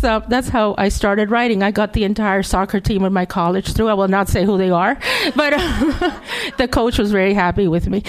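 Chatty Cuban-born woman author, laughing. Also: medium pitch. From Cuba. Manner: chatty and self-deprecating, laughing often, with many fillers. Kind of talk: casual talk at a bookstore reading.

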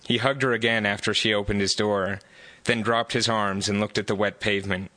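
A man reading his own novel aloud at a live bookstore event in steady narration. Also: lowish voice, fairly quick, no room sound. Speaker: author reading his book.

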